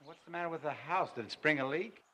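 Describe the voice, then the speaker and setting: A man's voice: fairly high pitch, quick pace, heavy background noise. A man playing a husband and father in a 1960s film comedy, easygoing and wisecracking.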